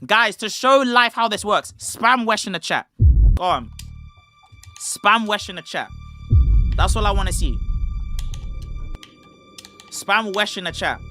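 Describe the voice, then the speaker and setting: Animated high-voiced streamer. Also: male voice. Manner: animated, emphatic, joking with chat. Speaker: streamer reacting to a debate clip. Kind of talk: casual live-stream commentary.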